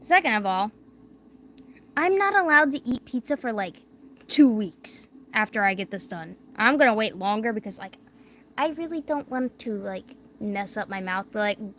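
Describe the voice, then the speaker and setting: With a mid-range voice and slight background noise behind her, a young woman chats on a late-night livestream. She speaks through a barely opened mouth following wisdom teeth surgery, rambling with plenty of fillers and drifting into quiet.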